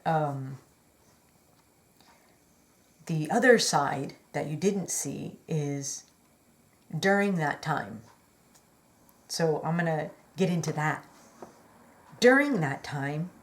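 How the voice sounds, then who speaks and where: Chatty low-voiced woman telling her story. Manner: chatty, rambling, many fillers; earnest, apologetic asides. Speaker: vlogger. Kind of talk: personal storytelling.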